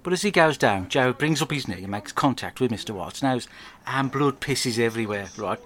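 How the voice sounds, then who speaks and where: A man with an English accent telling a crude comic diary monologue, rambling and deadpan. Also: medium pitch, moderate pace. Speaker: podcast host.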